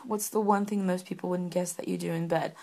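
A woman's voice: fairly low pitch, fairly even intonation, brisk, gravelly, a little mellow. A young woman chatting candidly into her phone, rambling and giggly with lots of fillers. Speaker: solo podcaster answering question prompts. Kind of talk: casual candid chat.

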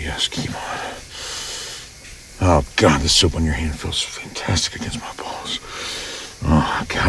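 A man speaking in an intimate audio role-play, murmuring low and often slipping into whispers and sighs. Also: background noise.

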